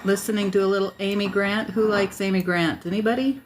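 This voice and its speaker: A woman's voice: medium pitch, fairly even intonation, fairly quick. A woman from South Dakota hosting a casual livestream, greeting viewers by name and chatting with fillers and asides, a bit tired at the end of the day. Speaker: livestream host. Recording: faint music behind.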